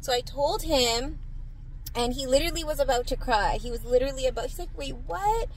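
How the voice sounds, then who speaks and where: A woman vlogging her family's day in a casual, running chat to the camera. Her voice sits a little on the high side, and her talk is loose and full of "like" and "guys." A faint hiss runs under the recording. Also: a little fast. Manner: chatty, fills with "like" and "guys".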